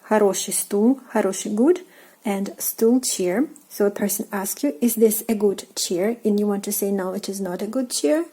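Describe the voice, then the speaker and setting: A woman with a Russian accent teaching a language lesson, speaking slowly and carefully with many ums and uhs and repeating each example phrase. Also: medium pitch, dark tone, husky, rough recording. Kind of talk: lesson explaining grammar while writing.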